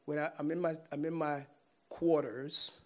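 A man telling a personal faith testimony in a casual, animated way, laughing often and swinging between loud and hushed. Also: on the high side, normal speed. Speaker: guest sharing a personal testimony.

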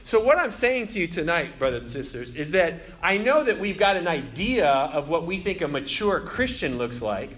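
A man preaching a sermon, telling a personal street story with animated acted-out dialogue and frequent restarts. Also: a little high, moderate pace, few pauses. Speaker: pastor.

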